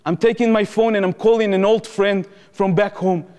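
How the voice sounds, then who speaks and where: A young adult man from Israel with an Israeli accent, telling a personal story to an audience in an animated way, acting out what people said, in non-native English. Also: high-pitched, normal speed, clear, resonant tone. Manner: animated, acts out quoted speech, non-native phrasing. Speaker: former soldier giving testimony. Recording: reverberant hall, live talk.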